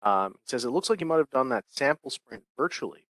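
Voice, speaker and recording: A man with a mid-pitched voice moderates a webinar Q&A, reading participants' questions aloud in a friendly, easygoing manner. He is heard over a video call with a dry, close sound. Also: animated, brisk, a bit bright, no room sound, poor audio. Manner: friendly, reads audience questions. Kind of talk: hosting a webinar Q&A.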